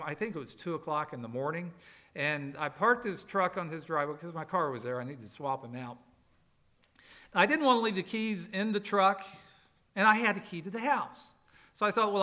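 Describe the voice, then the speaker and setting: A middle-aged male pastor preaching a sermon, explaining scripture with emphatic rises, soft asides and personal stories. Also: high voice. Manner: expository preaching with Greek word study and personal stories.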